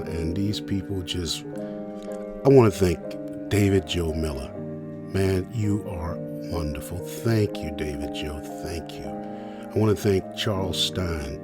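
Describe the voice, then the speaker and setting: An older man from Richmond hosting a storytelling podcast, reminiscing in the first person and thanking listeners warmly. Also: low voice. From Richmond, United States. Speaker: podcast host and producer.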